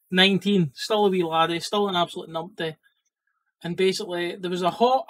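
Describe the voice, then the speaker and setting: A man with a Scottish accent, a plumber telling work stories to camera in a casual, sweary, lively way. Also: high-pitched, low-quality recording. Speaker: plumber and vlogger.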